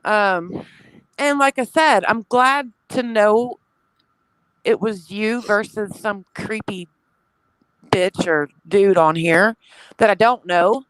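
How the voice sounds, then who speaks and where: A woman's voice: medium pitch, slow pace, pauses often, slight background noise, poor audio. A woman guest on a live stream, talking frankly and reassuringly in casual chat.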